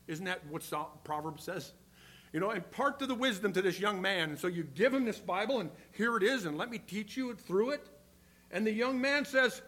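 An older man preaching a sermon, earnest, swinging between loud emphasis and quiet asides. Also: sits high, expressive, normal speed. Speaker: pastor.

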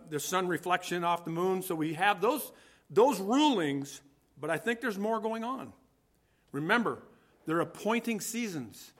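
A man's voice: high-pitched, a bit bright. A man preaching a conversational sermon, thinking aloud as he explains scripture, with frequent restarts.

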